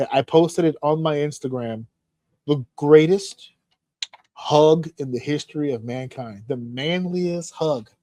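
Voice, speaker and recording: A man co-hosting a podcast, telling a story in casual chat with lots of swearing and animated excitement. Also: on the high side, dry recording. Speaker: podcast co-host.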